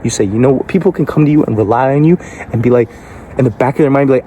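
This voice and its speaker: A man's voice: mid-range voice, fast, mellow, slight background noise. A man giving a motivational speech in a blunt, confrontational way, cursing and firing rhetorical questions at the listener. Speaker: motivational speaker.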